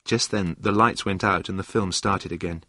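A man narrating a story in a calm, plain, measured reading voice. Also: sits low, no room sound, clean studio sound.

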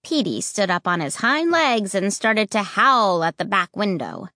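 A woman's voice: medium pitch, a little slow, few pauses, no room sound, clean studio sound. A woman narrating a storybook and voicing its characters' lines. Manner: lively, acts out the characters' lines. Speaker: audiobook narrator.

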